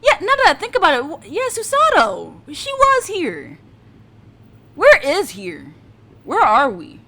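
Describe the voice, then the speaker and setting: Woman streamer, chatty and self-deprecating, slow pace. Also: very high voice, wildly swooping pitch, bright, forceful tone. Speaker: streamer playing a game. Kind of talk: casual gameplay commentary.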